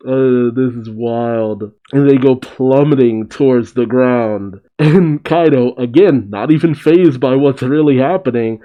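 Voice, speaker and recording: A man giving casual reaction commentary on a comic chapter. He gets excitable, swears, and laughs often. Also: mid-range voice, lo-fi sound. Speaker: reaction video host.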